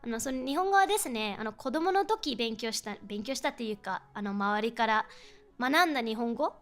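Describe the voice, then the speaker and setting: A woman's voice: fairly high pitch, lively intonation, rapid-fire, a bit bright, faint music behind. A chatty young woman streaming a casual chat, laughing often and switching between English and Japanese.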